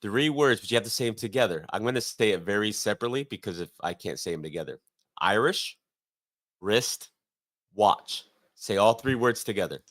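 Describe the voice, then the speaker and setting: A man's voice: on the low side, expressive, fast talker, few pauses, a bit bright, no echo, clean studio sound. A man in his forties in casual, joking conversation as a guest on a live stream. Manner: joking, teasing. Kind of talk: casual chat.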